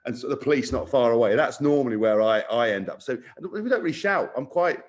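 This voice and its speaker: A man co-hosting a podcast, telling stories in casual chat, animated and sweary. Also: medium pitch, brisk. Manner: animated, swearing, acting out quotes. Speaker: podcast co-host.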